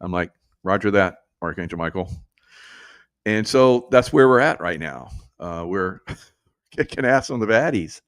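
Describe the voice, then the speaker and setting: Brash, laughing man with a low voice. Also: expressive, measured pace, no room sound, studio quality. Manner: brash, laughing, mocks critics with put-on voices. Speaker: show host. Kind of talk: casual political commentary.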